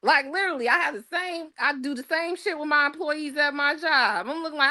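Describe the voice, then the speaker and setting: A woman's voice: high-pitched, a little fast, bright, forceful tone. A woman guest on a podcast, talking bluntly and emphatically with plenty of swearing. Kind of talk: casual podcast chat.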